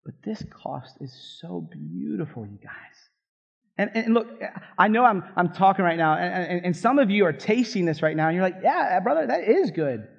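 A man's voice: sits high, lively intonation, moderate pace, vocal fry, highs cut off. A man preaching a sermon in a fired-up, conversational way, full of asides to the congregation. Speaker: pastor.

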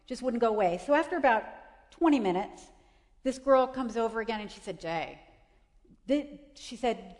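A woman's voice: fairly high pitch, lively intonation, moderate pace, a little mellow, big-room sound. A middle-aged woman telling a personal faith testimony, emotional and full of restarts. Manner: emotional storytelling with many restarts. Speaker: speaker giving a testimony.

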